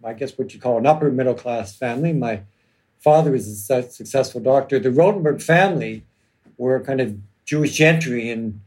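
A man, an author and lawyer, speaking reflectively in an interview with many pauses and ums. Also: mid-range voice, a little mellow. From Canada. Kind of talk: conversational interview.

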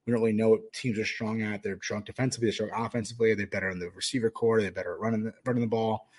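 A man's voice: lowish voice, fairly even intonation, rapid-fire, darkish tone. A man hosting a podcast, talking casually through football betting picks with many fillers and restarts. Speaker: podcast host. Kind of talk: casual sports betting talk.

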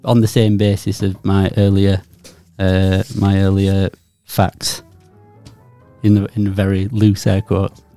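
Low-voiced man rambling. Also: monotone, slow, dark tone, faint music behind. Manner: rambling, jokey, mock-serious theorizing. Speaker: podcast co-host. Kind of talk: casual banter.

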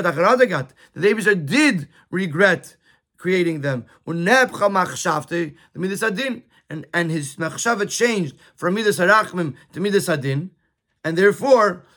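Guy going through a text, kinda high bright voice, stumbles and repeats words. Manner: repeats words and stammers while explaining. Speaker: Torah teacher. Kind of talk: reading a Yiddish text and translating it into English.

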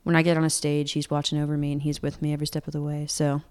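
Talking very fast in a deep, monotone voice that's smooth and a little mellow, this Atlanta woman in her twenties rambles through a casual interview full of fillers. She's a singer-songwriter from the United States.

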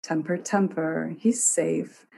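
A woman voicing a calm, wild-haired goddess who speaks with amused assurance. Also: low voice, takes it slowly, gravelly, a little hiss or hum, exaggerated voice.

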